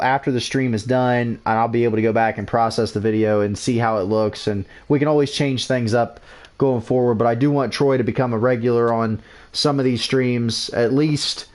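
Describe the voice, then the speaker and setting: A man's voice: mid-range voice, steady tone, normal speed. A man hosting a casual livestream, talking loosely and often repeating words and restarting sentences. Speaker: streamer host.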